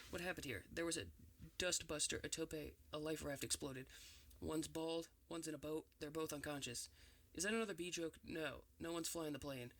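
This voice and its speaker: Man, ASMR script reading, steady even delivery, raspy creaky tone. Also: fairly high pitch, brisk. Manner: reads every part in one steady voice with few changes. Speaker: ASMR reader.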